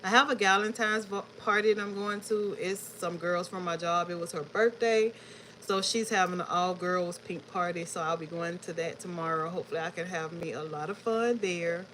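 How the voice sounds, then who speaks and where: A woman's voice: fairly low pitch, normal speed, poor audio. A woman, chatting casually with viewers on her book livestream. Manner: chatty and relaxed, addresses viewers as y'all. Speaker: book vlogger hosting a livestream. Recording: faint background noise.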